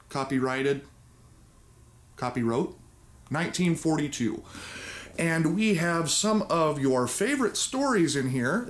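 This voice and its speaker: A man hosting a video and reading an old children's story aloud with wry, theatrical asides. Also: mid-range voice. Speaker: YouTube host. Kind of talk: joking story-time reading.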